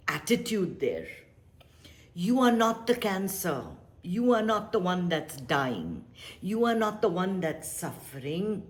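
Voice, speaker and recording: A woman meditation teacher speaks slowly in a low voice. She is gentle and reflective, and sometimes drops into a whisper. Her talk is unhurried and spiritual.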